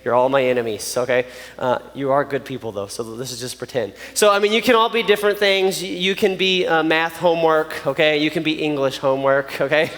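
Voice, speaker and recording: A man, preaching a joking, animated youth sermon straight to his audience. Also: on the high side, brisk, few pauses. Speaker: youth pastor. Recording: long reverb of a large hall.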